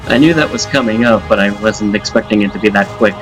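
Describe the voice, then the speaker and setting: A man giving casual, rambling gameplay commentary as a let's-play host, with quick asides and game text read aloud. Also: on the low side, poor audio. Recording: faint game music behind.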